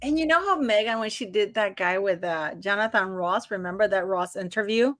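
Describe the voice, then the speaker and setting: A woman's voice: medium pitch, fairly quick, fairly bright tone, no echo, clean studio sound. A woman hosting a casual live stream over a video call, chatty and repetitive, fumbling with her screen-sharing as she talks. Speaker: livestream host.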